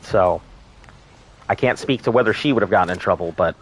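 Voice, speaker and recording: A man's voice: deep voice, brisk, a little hiss or hum. Guy streaming a game, rambly and crude, just joking around with chat. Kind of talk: casual gameplay commentary.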